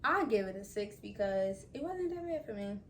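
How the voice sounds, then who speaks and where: A woman's voice: mid-range voice, expressive, moderate pace, distant mic, slight background noise, rough recording. A woman in her twenties chatting casually to her viewers, telling a story and acting out her own thoughts while recovering from surgery. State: recovering from surgery, can't bend down. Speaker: vlogger. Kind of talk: casual chat to camera.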